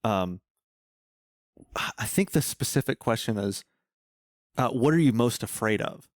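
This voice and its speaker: A man co-hosting a casual podcast chat, swearing freely and spinning animated stories and hypotheticals. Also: mid-range voice, measured pace, no room sound, studio quality. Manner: profane, animated storyteller posing hypotheticals. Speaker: podcast co-host.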